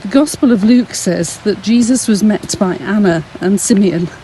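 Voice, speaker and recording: A woman leading a Sunday school walk, giving a gentle, reflective talk outdoors while slightly out of breath. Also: medium pitch, normal speed, slight background noise, poor audio. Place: outdoors on a frosty hillside walk.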